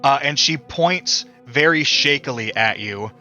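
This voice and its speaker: A man narrates a tabletop horror game as its game master, stopping often on filler words. His voice is bright and forward. The mic sounds dull and lo-fi, with faint music playing underneath. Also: mid-range voice, expressive. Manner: halting, many filler words.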